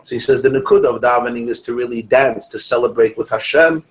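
Animated man teaching a Torah class. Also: mid-range voice, fast, poor audio. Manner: animated, quotes Hebrew and Aramaic texts, asides and restarts.

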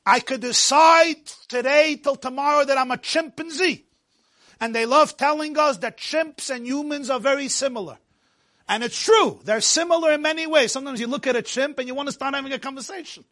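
A man teaching a Torah class, animated and joking, mixing Yiddish and Hebrew words into his English while telling stories. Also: very high-pitched, fairly quick. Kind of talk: lecture with storytelling.

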